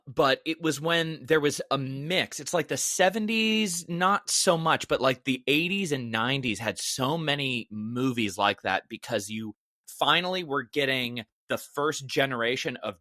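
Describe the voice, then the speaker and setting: A man co-hosting a casual podcast, jumping in with quick, expressive opinions. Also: medium pitch, dry recording, clean studio sound. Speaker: podcast co-host.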